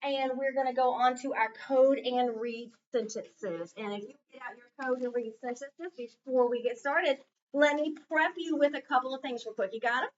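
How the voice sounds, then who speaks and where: In a classroom reading lesson, a woman with a high-sitting voice guides young children through call-and-response drills at a moderate, patient pace. The audio is muffled and far away, with a slight hiss or hum.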